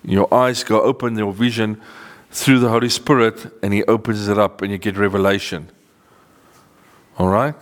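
A man giving an earnest sermon to a seated group, often slowing down to stress key words. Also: lowish voice, steady tone. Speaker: preacher. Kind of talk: sermon teaching to a live group. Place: meeting room with a seated audience.

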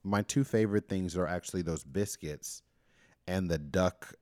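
A man's voice: low-pitched, moderate pace, darkish tone, no echo, clean studio sound. A man co-hosting a podcast in casual, chatty talk, laughing often. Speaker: podcast co-host. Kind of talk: casual chat.

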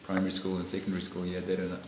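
A man's voice: sits low, completely flat delivery, racing, background noise. A middle-aged man tells his life story over a meal, rambling and laughing often. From New Zealand. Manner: rambling, laughs often, many fillers and restarts. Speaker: interviewee giving a personal testimony. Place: echoey dining room with dishes clinking. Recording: echoey room with loud background clatter.

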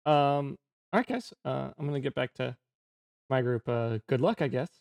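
A man's voice: medium pitch, expressive, normal speed, creaky, a little mellow, no room sound. A man voicing an awkward, reluctant young male student in a fantasy game, speaking hesitantly and unsure of himself.

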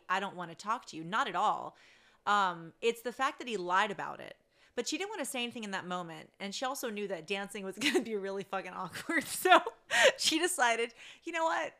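A woman's voice: mid-range voice, sharp tone. A woman casually telling a story to her listeners, laughing often through it, swearing freely and acting out what people said. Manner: acts out quoted speech.

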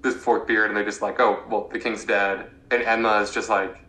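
A man's voice: lowish voice, level tone, moderate pace, sharp tone. A young man co-hosting a podcast, chatting casually and acting out characters' lines with lots of filler words. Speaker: podcast co-host. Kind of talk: casual recap chat. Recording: echoey room.

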